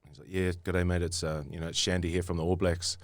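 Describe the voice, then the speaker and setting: A man's voice: deep voice, flat delivery, fast talker, no room sound. A man with a New Zealand accent telling stories on a podcast, rambling with many fillers and restarts. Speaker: guest rugby player. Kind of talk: casual podcast storytelling.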